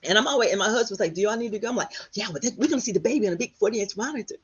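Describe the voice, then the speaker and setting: Husky middle-aged woman telling a story. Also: mid-range voice, very fast. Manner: animated, quotes others in lively voices. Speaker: guest. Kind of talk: storytelling in conversation. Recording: dull lo-fi sound.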